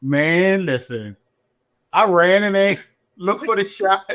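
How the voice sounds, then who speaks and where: Slowly and openly, a middle-aged officer guesting on a podcast relates his story in an animated way. When he mimics people's words, he raises his voice to a higher register.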